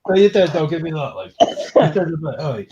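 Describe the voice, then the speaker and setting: A man's voice: a little high, brisk, highs cut off, crowd noise. A man hosting a casual online chat, joking and swearing as he talks. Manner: animated, jokey, sweary. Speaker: channel host.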